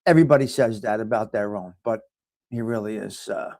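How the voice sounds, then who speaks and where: A man's voice: medium pitch, animated, normal speed, pauses often, mellow, no echo. A man with a New York accent hosting a casual morning chat, rambling and repeating himself as he reads a horoscope and talks to viewers. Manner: rambling, repetitive and chatty, often addresses viewers by name. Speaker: host.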